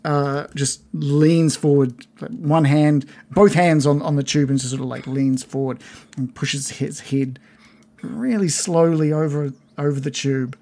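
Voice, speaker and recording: A man's voice: fairly high pitch, steady tone, a little slow, dark tone. A man running a tabletop game as game master, narrating in a rambling way. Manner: rambling, full of fillers and restarts.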